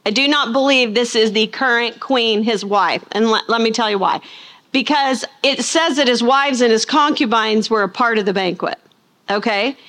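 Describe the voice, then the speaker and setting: A middle-aged woman teaching a Bible lesson, telling stories and acting out the people she quotes. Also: a little high. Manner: animated storytelling, acts out quoted voices. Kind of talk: sermon.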